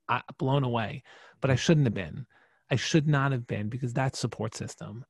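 A man in his forties, a podcast guest, telling a personal story with emphatic, animated delivery and frequent restarts. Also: mid-range voice, moderate pace, creaky, slightly rough, dry recording.

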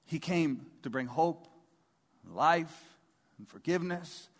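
A man's voice: fairly high pitch, animated, takes it slowly, slightly rough. A male pastor preaches in a conversational style, throwing rhetorical questions out to his congregation. His voice sits a bit above the usual male range and rings with the long echo of a big hall. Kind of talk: sermon. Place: large church hall before a congregation. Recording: long reverb of a large hall.

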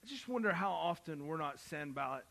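A man preaching a sermon, moving from quiet Bible reading to loud, impassioned calls. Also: on the high side, expressive, brisk, gravelly. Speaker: pastor.

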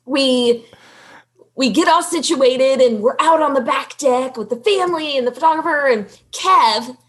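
A woman telling a story as a podcast guest, animated and laughing as she acts out what people said. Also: high-pitched, moderate pace. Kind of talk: casual storytelling.

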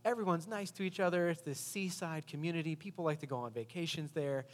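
A man's voice: on the high side, quick pace. A male pastor giving a sermon in a conversational, storytelling way. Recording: long hall reverb.

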